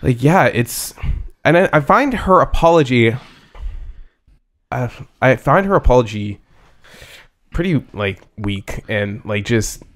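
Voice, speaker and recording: Male podcast co-host, mid-pitched, casual chat, stops and restarts often, leans on fillers. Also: lively intonation. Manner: halting, many fillers and restarts.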